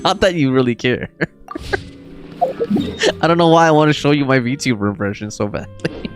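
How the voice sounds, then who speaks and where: A man's voice: medium pitch, lively intonation, moderate pace. A man streaming a game, chatting casually and thinking aloud as he plays. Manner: rambling, thinking aloud with laughs. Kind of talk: casual gameplay chat. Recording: faint game music behind.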